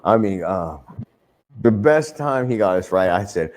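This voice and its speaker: Speaking a little slowly in a fairly low, animated voice, the older wrestler rambles through a story in an interview. He keeps starting over and swears without restraint.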